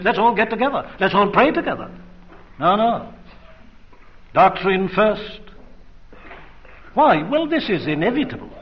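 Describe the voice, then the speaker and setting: A man preaching a sermon in a church, earnest and emphatic, pressing his hearers with rhetorical questions. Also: high voice. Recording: dull lo-fi archive recording.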